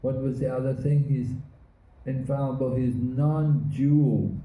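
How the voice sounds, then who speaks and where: Slow-talking man teaching a scripture class. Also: mid-range voice, fairly even intonation, slight background noise. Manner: slow and deliberate, pausing and searching for words. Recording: echoey room, phone-like lo-fi sound.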